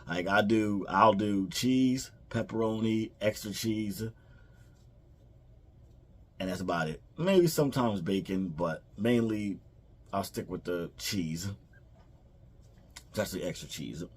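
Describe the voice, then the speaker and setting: A man's voice: lowish voice, lively intonation, takes it slowly, long pauses. A man casually retelling a film's plot for a review, rambling with fillers and restarts and quoting the characters. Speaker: movie reviewer. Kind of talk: casual movie recap.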